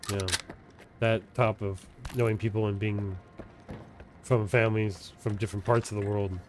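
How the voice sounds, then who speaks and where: A male game streamer chats casually and profanely while playing live, rambling, trailing off and backtracking mid-sentence. His voice is mid-range and a little mellow, with a touch of hiss or hum in the audio.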